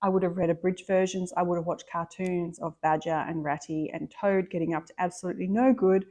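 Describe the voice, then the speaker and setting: Brisk and mellow, with a fairly low pitch and fairly even intonation, a middle-aged book vlogger from Australia enthusiastically discusses favorite books in a casual chat, frequently starting her sentences over.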